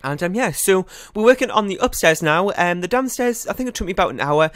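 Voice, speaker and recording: A man's voice: sits high, expressive, fairly bright tone, dry recording, clean studio sound. A man giving casual, rambling voice-over commentary on a building game, often correcting himself. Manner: fast, rambling, self-correcting chatter. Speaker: YouTuber.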